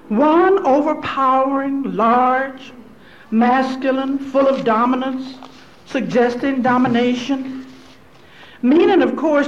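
A woman from Louisville, Kentucky, giving a lecture with storytelling, speaking deliberately in repeated, list-building phrases. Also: sits high, lo-fi sound. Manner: deliberate, repetitive preacherly cadence building lists. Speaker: speaker on theology.

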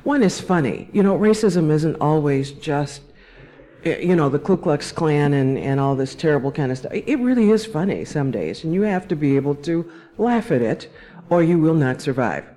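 A woman from Alabama, a panelist, telling personal stories in a panel discussion in a wry, measured way. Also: deep voice, animated, mellow.

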